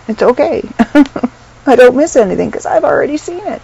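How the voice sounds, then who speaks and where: Tired, chatty woman with a gravelly voice. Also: high voice, big pitch swings, moderate pace, dark tone. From Canada. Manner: chatty and rambling, frequent ums and laughs. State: unwell and tired. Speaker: vlogger. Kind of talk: casual chat to camera. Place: her bedroom at home. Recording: dull lo-fi sound with faint room noise.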